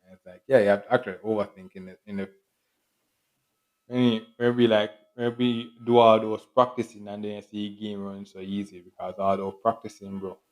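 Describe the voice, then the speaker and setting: A man talking in a casual solo monologue, rambling and repeating himself with quick laughs and acted-out quotes. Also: lowish voice, little pitch movement, poor audio. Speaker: podcast host.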